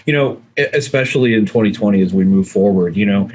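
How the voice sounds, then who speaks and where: A man's voice: on the low side, fast talker, a little mellow, husky. A man speaking as a communication coach and guest, giving emphatic, direct advice in a conversational way.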